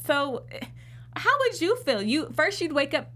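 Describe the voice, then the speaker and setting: A woman co-hosting a TV recap show in casual chat, animated and acting out what she would say. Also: high voice, normal speed. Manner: animated, acts out what she'd say. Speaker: co-host.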